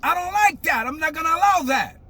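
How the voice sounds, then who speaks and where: Fiery older New man, very high voice. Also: expressive, a little fast. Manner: fiery, emphatic, breaks into shouting. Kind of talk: impassioned monologue.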